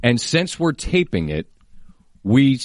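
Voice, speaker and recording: A man's voice: mid-range voice, very animated, slow pace, no room sound, studio quality. A man co-hosting a radio show, reflecting at length in a casual chat.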